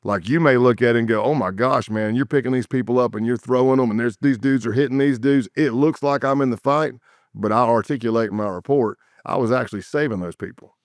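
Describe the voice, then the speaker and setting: A man's voice: mid-range voice, quick pace, dry recording, clean studio sound. A middle-aged man, a former undercover agent telling stories as a guest and animatedly acting out the people he quotes. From South Carolina, United States. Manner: animated storyteller who acts out quoted voices. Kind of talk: casual storytelling interview.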